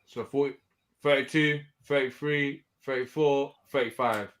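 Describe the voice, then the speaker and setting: Laid-back joking football fan. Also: male voice, mid-range voice, fairly even intonation, a little slow, a bit bright. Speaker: watch-along co-host. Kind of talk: casual fan chat.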